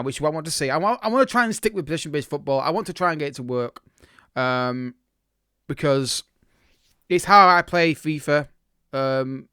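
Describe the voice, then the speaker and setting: A gaming YouTuber casually commentates his own football management game, chatty and reacting live, often restarting his sentences. His voice is smooth, a bit bright and on the high side, with clean studio sound and no room echo.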